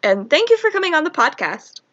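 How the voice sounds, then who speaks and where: Lively woman podcast co-host. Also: high-pitched, a little fast. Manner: friendly, brief interjections. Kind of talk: casual chat. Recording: dull lo-fi podcast audio.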